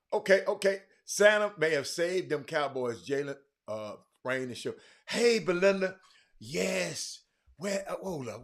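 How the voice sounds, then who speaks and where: A man's voice: mid-range voice, big pitch swings, normal speed, creaky. A man hosting a casual live-stream sports talk show, chatting loosely and greeting viewers by name. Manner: chatty, shouting out viewers by name, many restarts.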